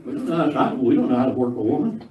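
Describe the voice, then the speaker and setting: A man's voice: mid-range voice, very animated, rapid-fire. An older man doing a crude, rambling stand-up set, mocking himself and acting out quoted voices, on stage in a large hall. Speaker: stand-up comedian. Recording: echoey hall, mic at a distance. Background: loud laughing crowd and room noise.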